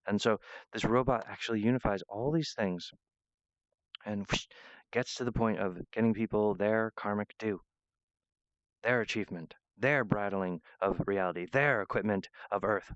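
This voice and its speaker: Rambling, apologetic man, low and smooth. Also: normal speed, no room sound, dull audio. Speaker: self-styled wizard pitching himself. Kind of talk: rambling monologue to viewers.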